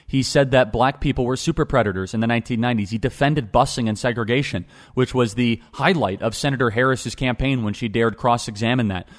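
Fast-talking emphatic male talk host. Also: medium pitch. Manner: emphatic, repeats phrases for stress. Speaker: podcast host. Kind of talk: political talk show commentary.

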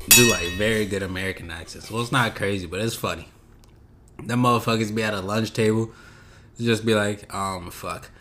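A man's voice: fairly low pitch, brisk, bright, forceful tone. A man hosting a casual solo podcast, talking in a laid-back, rambling, slangy way that drifts off topic. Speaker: podcast host.

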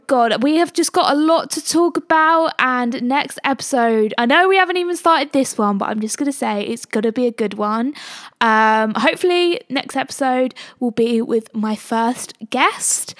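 High-voiced young woman hosting a podcast. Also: fairly bright tone, no echo, clean studio sound. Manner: gushing, rambling, emotional. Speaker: podcast host. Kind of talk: casual solo podcast chat. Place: studio.

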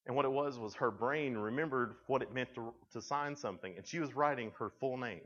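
A young male youth speaker talks to junior high students in a loose, storytelling way, often restarting his sentences. His voice sits at a middle pitch for a man. The recording sounds dull and slightly lo-fi. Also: a little fast, fairly bright tone, big-room sound. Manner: conversational storytelling with frequent restarts.

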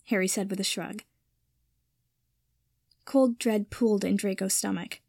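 A woman narrates a story with a steady, even reading. Her voice sits at a middle pitch, recorded dry and close with no room echo. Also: unhurried, creaky, long pauses. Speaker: reader. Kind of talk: audiobook-style story narration.

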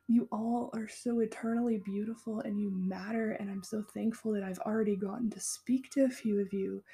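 Woman, twenties, podcast host, gravelly fry, warm mellow tone, impassioned, swears a lot, soft slow whispers. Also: mid-range voice. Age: 20s. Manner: impassioned and encouraging, swears freely; drops to a soft, slow whisper for tender asides. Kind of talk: casual solo podcast monologue.

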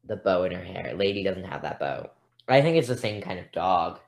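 A woman's voice: extremely low pitch, animated, a little fast, vocal fry. A woman co-hosting a podcast in casual chat, rambling and self-deprecating as she talks. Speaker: podcast co-host.

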